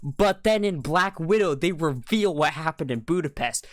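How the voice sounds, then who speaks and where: A man's voice: on the high side, normal speed, no echo. Young man rambling on a dry mic. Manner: rambling, restarts, slangy, animated when incredulous. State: voice cracking. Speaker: podcast co-host. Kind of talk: casual chat.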